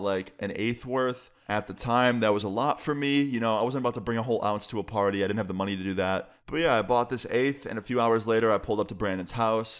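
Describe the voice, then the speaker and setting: A man's voice: fairly low pitch, smooth. A young adult man casually telling a personal story, loose and filler-heavy, with some swearing. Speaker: storyteller vlogger.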